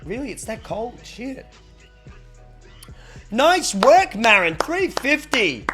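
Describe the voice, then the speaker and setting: A man's voice: very high voice, big pitch swings, slow, over music. An Australian man streaming live, chatting loosely with viewers, swearing now and then and thanking them for subs. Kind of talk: casual live-stream chat.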